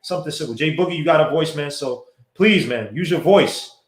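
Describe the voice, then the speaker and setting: A man hosts a casual sports podcast, excitable and full of shout-outs to listeners. His voice sits a little high. The sound has a noticeable echo from the room around him. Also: brisk. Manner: excitable, gives shout-outs, laughs loudly. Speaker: podcast host. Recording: echoey room.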